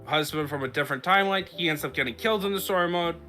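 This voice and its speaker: A man's voice: on the high side, very fast, pushed and bright, faint music behind. A man in casual podcast chat, recapping a game story in a rambling way with frequent fillers and restarts. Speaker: podcast host.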